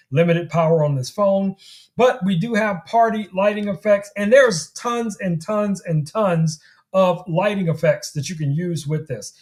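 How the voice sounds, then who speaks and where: A man's voice: sits high, darkish tone. A man hosting a casual tech livestream, chatting straight to viewers while demoing gadgets in a salesy way. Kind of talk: casual product demo livestream.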